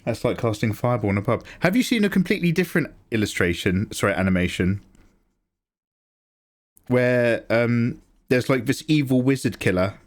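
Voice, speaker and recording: A man talks through a drawing livestream in a loose, joking way, drifting from one aside to the next. His pitch rises and falls a great deal, so even small remarks sound animated. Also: moderate pace. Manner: chatty, joking, rambling asides. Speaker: art streamer. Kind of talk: casual livestream chat while drawing.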